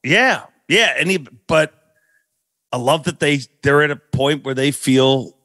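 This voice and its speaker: A middle-aged man hosting a podcast, telling an animated story with laughs as he talks. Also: on the high side, unhurried, no echo. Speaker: podcast host. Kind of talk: casual storytelling chat.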